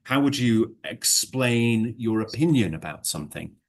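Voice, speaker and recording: A man with a lowish voice, talking a little slowly, holds a relaxed one-to-one English lesson. Lots of rambling, hedging, and fillers come first, and then he explains through worked examples.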